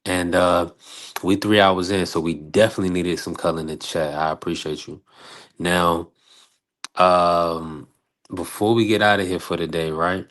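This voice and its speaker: Male stream host, low flat voice, easygoing filler-heavy shout-outs. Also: moderate pace. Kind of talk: live-stream boxing talk show.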